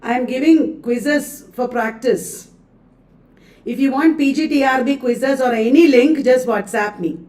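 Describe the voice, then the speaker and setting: In a high-pitched, slightly mellow voice at a measured pace, a woman teacher chats through an exam quiz lesson, reading questions and options and repeating questions and answers aloud. The room is echoey and the mic distant.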